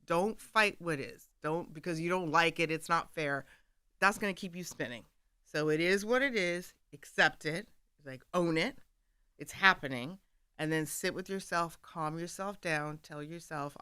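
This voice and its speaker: A woman speaks with a bright, forceful tone and a smooth, crisp clarity, animated and quick to laugh as she recounts conversations. She talks into a studio microphone in a dry, close sound with no room echo. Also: on the low side. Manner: animated, laughs often, acts out quoted dialogue. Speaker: guest author. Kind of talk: candid storytelling in conversation. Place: radio studio.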